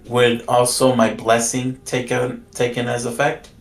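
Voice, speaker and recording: A man's voice: medium pitch, completely flat delivery, a little slow, creaky. Man checking game rules in an echoey room. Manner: checking rules, reading aloud. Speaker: player. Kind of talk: tabletop role-play.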